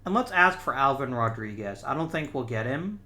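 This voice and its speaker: A man's voice: mid-range voice, big pitch swings, a little fast, pushed and bright. A man hosting a gaming channel, thinking aloud in casual let's-play commentary and talking to the players on screen.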